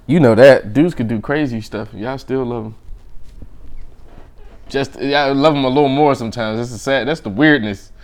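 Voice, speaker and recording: A man's voice: mid-range voice, moderate pace. A man hosting his own podcast alone, chatting casually and rambling from joke to joke, often laughing at his own lines. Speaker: podcast host. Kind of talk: casual solo podcast chat.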